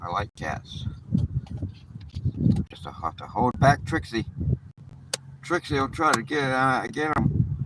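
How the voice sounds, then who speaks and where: This man speaks in a mid-range, sing-song voice, taking his time and pausing often while he rambles, jokes and curses casually behind the wheel. He's a livestream host, first in a car and then a park, and a far-off mic catches lots of road noise.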